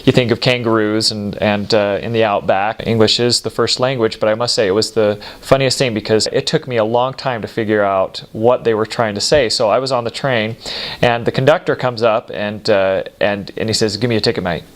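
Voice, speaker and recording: A man's voice: on the low side, fairly even intonation, normal speed. A middle-aged man from the United States telling casual stories about living abroad, rambling with lots of fillers and restarts and laughing at himself. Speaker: storyteller recalling life abroad. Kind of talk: casual anecdotal monologue.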